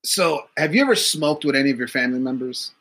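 Animated, laughing man telling a story. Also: mid-range voice, fast talker. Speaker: podcast co-host. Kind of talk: casual storytelling chat.

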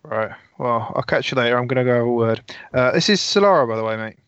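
A man's voice: medium pitch, animated, fast talker, fairly bright tone, clear, resonant tone, dry recording. Male tabletop player, casual and foul-mouthed, dull lo-fi recording, dry sound. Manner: casual, swears freely. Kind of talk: tabletop role-play in and out of character.

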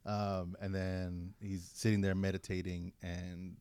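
A fairly low-voiced man in casual podcast chat, retelling a film scene by scene and slipping into quick voices for the characters. The sound is dry and close, with no room around him. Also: clean tone, dry recording. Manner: animated, acts out movie lines in quick put-on voices. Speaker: podcast co-host. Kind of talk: casual movie rewatch chat.

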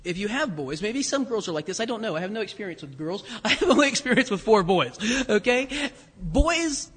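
A middle-aged man preaching a sermon, conversational and animated, with asides and fillers. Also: sits high, husky, big-room sound. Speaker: pastor.

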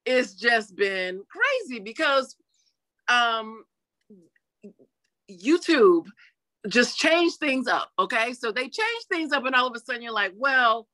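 A woman being interviewed in a casual chat, telling her story animatedly and acting out quotes in lively voices. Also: on the high side, slow, long pauses, no echo. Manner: chatty, with frequent "you know" fillers. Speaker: interview guest.

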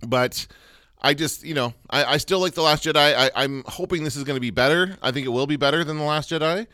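Casual podcast co-host, man, bright and forceful tone, dry close sound, rambly delivery. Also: a little high, fast talker, no echo. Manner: rambling, many restarts and fillers. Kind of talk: casual chat.

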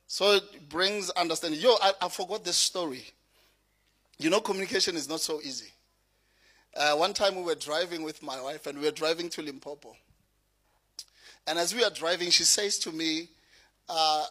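A South African man preaching with a notably high voice for a man. He is middle-aged and tells stories from the pulpit with an easy, laughing delivery. His sermon moves between teaching and personal anecdotes. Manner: lively storytelling, laughing through anecdotes.

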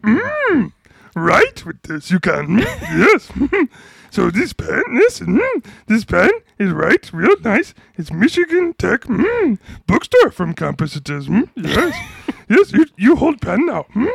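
A man's voice: high-pitched, wildly swooping pitch, slow, a bit bright, dry recording, clean studio sound, voice pushed up, full character voice. A man voicing an ancient tiny green alien sage who hums and twists his word order while trying to sell a pen. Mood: croaky pitch. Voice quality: gravelly, husky. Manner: inverted word order, humming "mm" between phrases. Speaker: pen salesman in a comedy bit.

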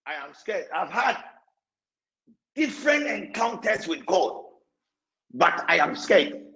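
A man preaching an evening sermon in an emotional, repetitive way, with sudden shouts. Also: high-pitched, big pitch swings, slow pace, dull audio.

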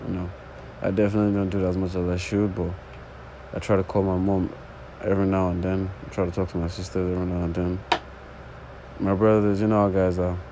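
A man's voice: low voice, little pitch movement, fast, noisy background. A man in his early twenties with an accent, rambling casually and swearing in an unscripted solo talk while sitting on the floor. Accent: non-native English accent. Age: early 20s. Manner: rambling, casual, swears often, repeats false starts. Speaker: podcast host.

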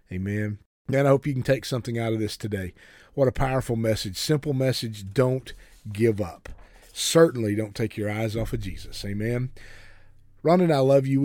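A man's voice: medium pitch, warm tone, no echo, clean studio sound. A man preaching a folksy, earnest sermon, often repeating words as he starts a sentence.

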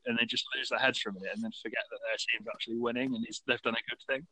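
Bright-voiced man chatting football. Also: medium pitch, racing, a little hiss or hum, low-quality recording. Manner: animated storyteller, acts out quotes in raised voice. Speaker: podcast co-host. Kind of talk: casual football chat.

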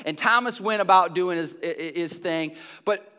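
A man's voice: high-pitched, a little slow, few pauses, pushed and bright, clear, resonant tone. A male pastor giving a sermon in a conversational way, full of restarts and asides, in church.

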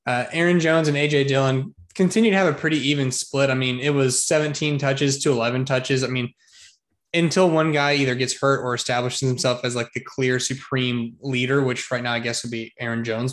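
A man co-hosting a casual football podcast, jokey and excitable, full of slang. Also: mid-range voice. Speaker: podcast co-host. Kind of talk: casual sports chat.

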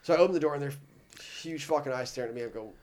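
A young man in his twenties, a podcast host, telling a rambling, swear-filled story and putting on animated voices for the people in it. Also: fairly high pitch, racing. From Ohio. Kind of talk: casual storytelling.

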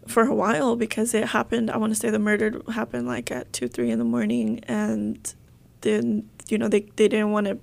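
A young woman telling a painful personal story in an interview, halting and emotional, with many fillers and restarts. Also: mid-range voice, very animated, gravelly, darkish tone.

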